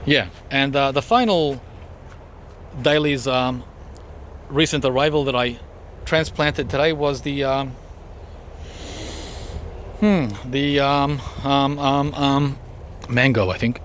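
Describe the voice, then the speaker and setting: A man's voice: mid-range voice, fairly even intonation, slow pace, long pauses, a bit bright, slight background noise. A man chatting casually as he walks through his backyard garden, rambling with frequent ums as he points things out. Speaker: gardening vlogger.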